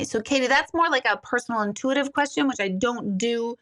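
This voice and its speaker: A woman's voice: on the high side, fairly quick, hardly any pauses, a bit bright. A woman chatting casually with viewers on a live stream, telling stories, laughing and reading out their comments. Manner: chatty storytelling, laughs often, reads viewer comments aloud. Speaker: intuitive hosting a live chat.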